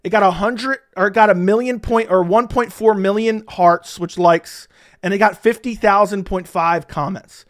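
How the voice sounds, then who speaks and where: A man's voice: sits high, moderate pace. A man giving heated, opinionated solo commentary on a fight card, ranting about the broadcasters. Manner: heated, ranting, mocks others in whiny voices. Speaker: MMA commentator.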